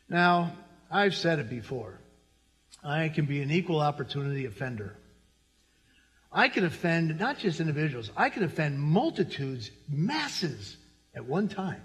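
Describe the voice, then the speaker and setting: A man's voice: fairly high pitch, very animated, normal speed, fairly bright tone, big-room sound. A middle-aged man pastor preaching a sermon in a church, talking conversationally and turning to the congregation with asides. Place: church sanctuary.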